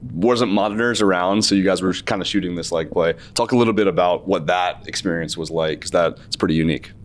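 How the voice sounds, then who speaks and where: A man with a low, deep voice asks questions at a festival interview. His questions wander loosely, padded with casual fillers. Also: fast talker.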